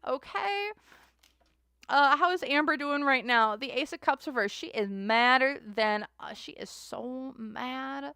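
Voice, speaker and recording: A woman's voice: high voice, measured pace, few pauses, sharp tone, smooth, dry recording, clean studio sound. A woman hosting a casual tarot reading chat, talking in a rambling, chatty way. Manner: chatty, rambling, voices others in mocking asides. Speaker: tarot reader host.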